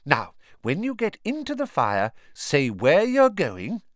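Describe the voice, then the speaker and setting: A man's voice: a little high, wildly swooping pitch, takes it slowly, no room sound, clean studio sound, voice pushed up, exaggerated voice. A man doing a fussing motherly witch. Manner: anxious, doting, fussing. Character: fussy motherly witch, middle-aged woman.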